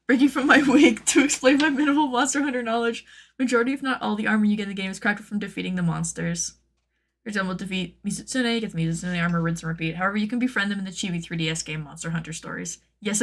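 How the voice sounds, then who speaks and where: A woman who makes cosplay patterns, chatting casually on her stream, rambling with lots of "like" and playful jumps into high silly tones. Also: quick pace, creaky, a bit bright.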